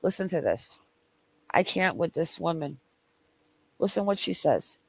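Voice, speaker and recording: A woman's voice: on the low side, sing-song, a little slow, creaky, husky. A woman hosting a true crime commentary, talking bluntly and incredulously over clips, with some swearing.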